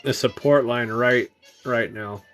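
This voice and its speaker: Tired male streamer, mid-range voice, loose filler-heavy chart talk, light music bed. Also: mid-range voice. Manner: relaxed, halting, many ums and uhs, greets chat viewers. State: tired, yawning. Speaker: trading livestream host. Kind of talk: casual live-stream chart commentary.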